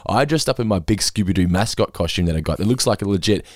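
Lively fast-talking man. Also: low voice, no echo, studio quality. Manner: animated storyteller, acts out voices. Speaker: podcast co-host. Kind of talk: casual podcast chat.

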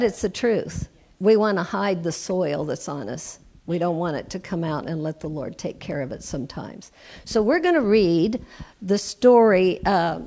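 A woman's voice: mid-range voice, creaky, dark tone. A woman in her sixties preaching as a guest, talking to the congregation in a conversational way and breaking off for asides. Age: 60s. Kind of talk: sermon.

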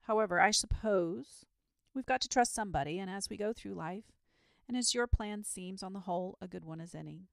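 A woman's voice: medium pitch, fairly quick, creaky, no echo, studio quality, close to an everyday voice. Woman reading as a genteel, fussy old-fashioned dragon. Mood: testy. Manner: genteel, self-assured, mildly fussy. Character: polite, fussy, lazy male dragon.

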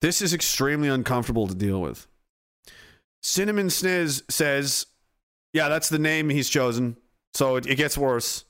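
A man's voice: mid-range voice, animated, moderate pace. A man hosting a livestream, reading chat and ranting heatedly with lots of swearing. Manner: profane, heated, swings from yelling to groaning.

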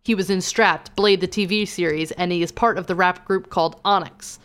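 A woman with a smooth, resonant voice hosts a casual podcast. She reads listings in a steady, even manner, then slips into relaxed banter with her co-host. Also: on the low side, fairly quick. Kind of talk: casual podcast chat, reading episode summaries.

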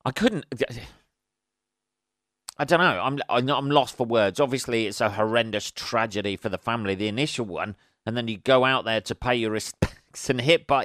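A man's voice: mid-range voice, unhurried, pauses often, fairly bright tone, no room sound, studio quality. A man hosting a solo comedy podcast. He rambles through sweary, wry asides with plenty of ums. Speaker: podcast host. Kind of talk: solo comic podcast monologue.

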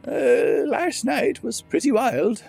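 A man voicing a bitter old male dwarf grandfather who talks stern and hissing, with a husky voice in a storybook reading. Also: very high voice, expressive, slow pace, darkish tone, soft background music, voice pushed up, heavily acted. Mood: mocking.

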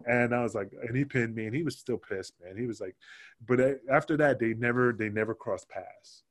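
A man's voice: medium pitch, a little fast, no room sound, studio quality. A man casually telling a backstage story, acting out other people's lines with cursing. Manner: animated, acts out quotes with cursing. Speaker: podcast guest.

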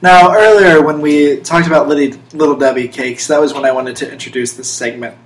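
A woman's voice: low voice, steady tone, a little fast, slight background noise. A woman co-hosting a comedy podcast, chatting casually and rambling through her stories. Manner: rambling, lots of "like" fillers. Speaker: podcast co-host. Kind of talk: casual chat. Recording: roomy echoey room.

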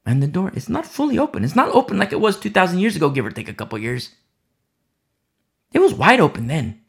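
A male preacher delivers a sermon with fervent urgency, dropping from strong declarations into near-whispers. His voice is gravelly with a husky edge and sits a little high for a man. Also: sing-song, fast. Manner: fervent, dramatic swings from loud declarations to whispers.

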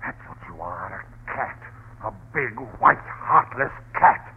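A man's voice: high voice, huge pitch swings, measured pace, gravelly, slightly rough, exaggerated voice. An actor playing a desperate husband losing his nerve, stammering and crying out, in a 1940s radio play on a tinny old recording. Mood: taunting. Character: desperate husband unravelling with horror.

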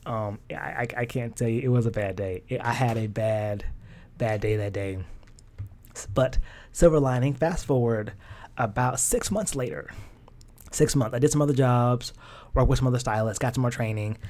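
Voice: mid-range voice, normal speed, darkish tone. Casual emotional storyteller, slangy and rambling. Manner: casual, emotional retelling with slang and many fillers. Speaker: fashion stylist. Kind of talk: personal storytelling.

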